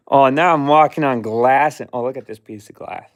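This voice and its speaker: Slow, rambling man in a workshop. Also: mid-range voice. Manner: slow, rambling, talks to himself and his dog. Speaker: vlogger cleaning his workshop. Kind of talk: casual running commentary. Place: cluttered workshop and yard.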